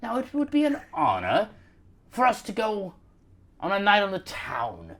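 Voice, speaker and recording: A man voicing an old-fashioned English gentleman courting a lady, in a florid fake British accent. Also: high-pitched, huge pitch swings, a little slow, voice pushed up, exaggerated voice. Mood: courtly.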